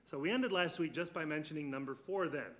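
Man, Bible class teacher, fairly high voice, earnest, questions the class, slows on key words. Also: a bit bright.

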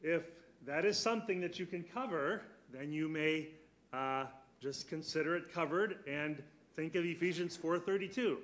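A man teaches a church Bible class in a slightly high voice. He is earnest and keeps putting questions to his students. He slows down to press on key words. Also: fairly bright tone.

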